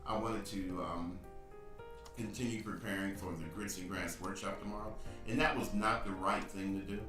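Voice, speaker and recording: A man's voice: sits low, fairly even intonation, normal speed, reverberant, far from the mic, over music. A man co-hosting a live online show, teasing his co-host, laughing often and calling the viewers family. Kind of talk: casual chat, reading viewer comments.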